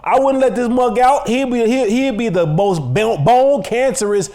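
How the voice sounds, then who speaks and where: A man's voice: extremely high pitch, moderate pace, a little mellow, slight background noise. A man with a Chicago accent co-hosting a casual comedy podcast, joking and laughing through playful banter. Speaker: podcast co-host.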